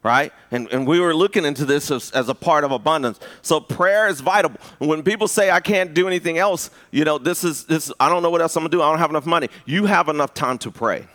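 A man preaching a live sermon, conversational and full of restarts, rising to high emphatic peaks. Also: fast, hardly any pauses, a bit bright. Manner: conversational with repeated restarts and rhetorical asks. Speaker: pastor.

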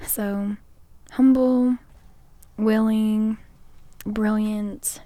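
A woman's voice: mid-range voice, steady tone, very slow, dark tone, no echo. A young woman chatting casually with her partner, playful and teasing, laughing easily. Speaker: partner in a couple's conversation. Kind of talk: casual chat.

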